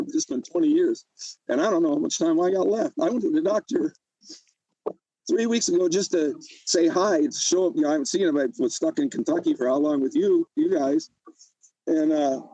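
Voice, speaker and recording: A man's voice: fairly high pitch, warm tone, husky, no echo, lo-fi sound. An older man telling his own story in an emotional interview, agitated and often repeating himself. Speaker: interview guest.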